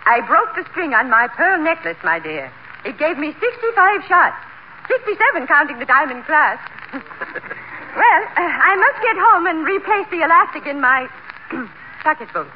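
A genteel society matron with a lofty, high voice that swoops and glides as she recounts absurd mishaps without losing her poise. It sounds like a muffled old radio broadcast with a light hiss underneath. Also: big pitch swings, normal speed. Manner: refined, genteel, unflappable delivery. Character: prim, haughty society matron, middle-aged woman.

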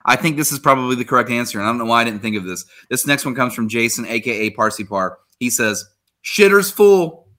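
Man, podcast host, bright forceful voice, casual comedic chat, reads answers playfully, laughs a lot. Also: mid-range voice, fast talker, hardly any pauses.

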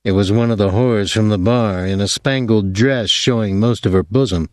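A man narrating an audiobook novel in a steady, plain reading voice. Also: lowish voice, moderate pace, hardly any pauses, no room sound, clean studio sound. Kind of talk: scripted narration.

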